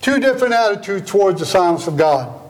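A man's voice: sits high, sing-song, fast talker. A middle-aged man preaching a sermon, emphatic and fond of repeated rhetorical questions.

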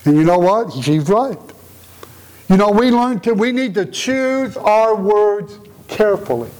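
A man's voice: high voice, unhurried, darkish tone, low-quality recording. A man preaching a conversational sermon in an earnest, emotional way, often asking rhetorical questions. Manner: emotional, tender-hearted delivery.

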